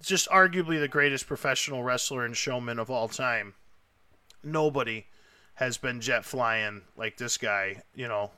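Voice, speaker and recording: A man hosting a casual chat, telling a story with excitable, emotional energy and lots of rambling. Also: medium pitch, moderate pace, clean tone, no room sound. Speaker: podcast host.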